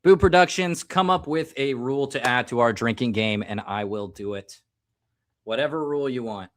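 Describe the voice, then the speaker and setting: An American man on a live stream rambles loosely and casually, like someone having a drink on air, making jokes at his own expense. His mid-range voice is fairly bright, and he speaks at a moderate pace.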